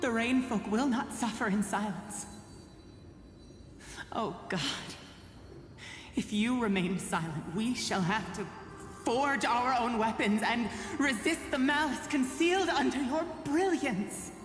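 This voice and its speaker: A woman's voice: on the high side, slow, faint music behind. A woman voicing a solemn female priestess of the rain folk in a game, speaking in a grave, ceremonial way. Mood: defiant. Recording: roomy echo with long reverb.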